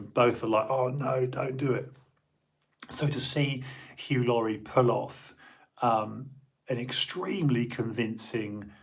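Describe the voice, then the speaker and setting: English guy rambling on his stream, lowish voice, loads of ums. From England. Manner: rambling, many fillers and restarts. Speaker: livestream host. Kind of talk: casual rambling chat. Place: home.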